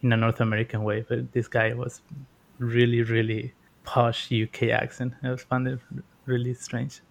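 A young man from Mexico hosts a relaxed interview, asking curious questions in loose, rambling phrases. His voice sits in a middle pitch, and he fills his sentences with fillers. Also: moderate pace, vocal fry. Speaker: host. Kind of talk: casual interview.

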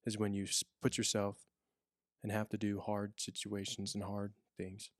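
A man's voice: lowish voice, monotone, normal speed, no echo, studio quality. A man who works as a prison officer, telling stories in a casual podcast chat with lots of restarts and fillers. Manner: rambling storyteller, many restarts and fillers.

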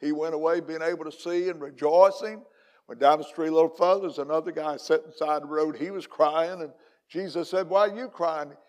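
A man's voice: on the high side, steady tone, fairly quick, darkish tone, long reverb tail. An older man, an evangelist, preaching a folksy, joking sermon in a church with plenty of fillers. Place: church sanctuary.

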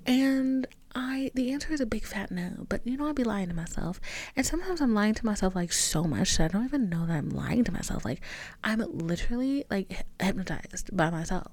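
A young woman hosting her own podcast, talking candidly and rambling with many fillers, sometimes dropping to a soft whisper. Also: medium pitch, animated, fairly quick, no room sound. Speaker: podcast host. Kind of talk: casual solo podcast monologue.

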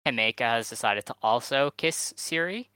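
A man co-hosting a casual podcast, walking through the news in a steady, methodical way with "um" fillers. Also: mid-range voice, normal speed, clean tone, no room sound. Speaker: podcast co-host.

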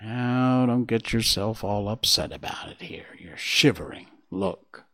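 A man voicing a gentle, reassuring male oak leaf in a storybook reading, speaking softly and tenderly. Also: mid-range voice, unhurried. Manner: soft, tender, calming.

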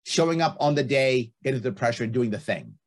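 A man's voice: mid-range voice, expressive, quick pace. A middle-aged man giving blunt, emphatic advice in conversation, repeating his points for effect. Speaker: guest.

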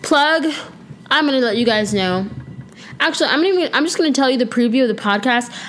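A woman's voice: high-pitched, animated, a little fast, slight background noise. A woman in her twenties hosting her own podcast, chatting casually and self-deprecatingly from her bedroom at home, often drifting off topic. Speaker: podcast host. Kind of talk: casual solo chat.

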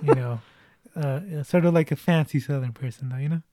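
A man's voice: a little high, moderate pace, mellow, dry recording, clean studio sound. A man chatting casually about a movie, laughing often and retelling scenes.

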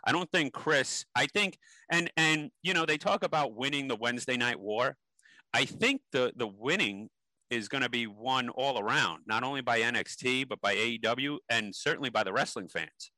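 A man's voice: medium pitch, moderate pace, sharp tone, dry recording, rough recording. A man being interviewed, telling stories animatedly with many ums and restarts. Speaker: interview guest. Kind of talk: casual interview storytelling.

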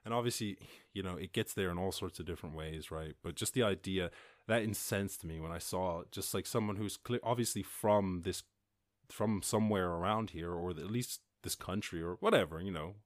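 A man's voice: low voice, normal speed, no room sound, studio quality. A man hosting a podcast, talking casually and rambling through listener questions with swearing and sudden bursts of outrage. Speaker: podcast host. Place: lives in rural Ireland.

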